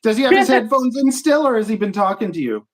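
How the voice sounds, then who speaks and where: Laid-back laughing podcast host. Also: male voice, very high-pitched, expressive, fast talker. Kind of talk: casual chat.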